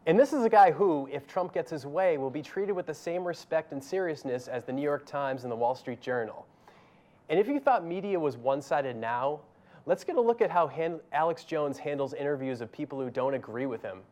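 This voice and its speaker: A somewhat high man's voice hosting a satirical news segment from a studio. He talks through it with dry, sarcastic asides. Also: expressive, fairly quick, darkish tone. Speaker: news show host.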